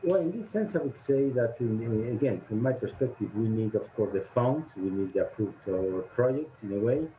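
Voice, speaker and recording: A man whose first language is Spanish, an advisor on a video call, speaking haltingly and searching for words. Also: medium pitch, animated, mellow, slight background noise. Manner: hesitant, searching for words with many fillers. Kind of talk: online panel discussion. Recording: muffled video call line.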